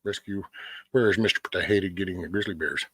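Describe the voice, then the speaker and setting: A middle-aged man hosts a livestream, rambling casually and answering chat by name. His voice sits low and is a bit bright and slightly rough, he talks fast, and there's no echo.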